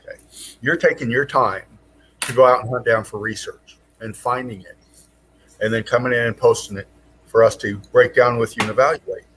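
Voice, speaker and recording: A man's voice: medium pitch, steady tone, brisk, fairly bright tone, slight background noise. Laid-back man co-hosting a chat. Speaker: co-host and forum moderator. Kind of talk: casual chat.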